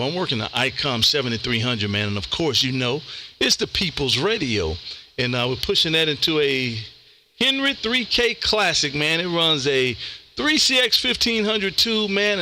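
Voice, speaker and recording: A man's voice: a little high, animated, normal speed, sharp tone, slight background noise. A man, a ham radio operator chatting casually on air and calling CQ, laid-back and saying "man" a lot. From Texas. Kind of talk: casual radio chat and CQ calls.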